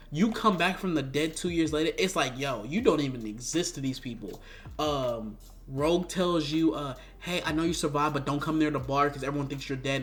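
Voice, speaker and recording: A young man giving a casual, frustrated spoken game review, ranting with lots of fillers and restarts. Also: a little high.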